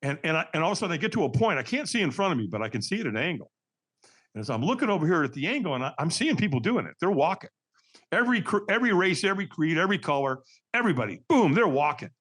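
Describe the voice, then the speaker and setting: A firewalking instructor on a podcast tells his story rapid-fire in a slightly high, sing-song, somewhat bright voice. He addresses the host as Doc and acts out quoted lines with changing voices in this animated telling.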